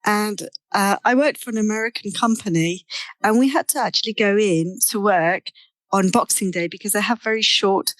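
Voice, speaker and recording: Animated woman telling a personal story. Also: mid-range voice, no room sound. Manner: animated storyteller, frequent repetitions. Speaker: guest therapist.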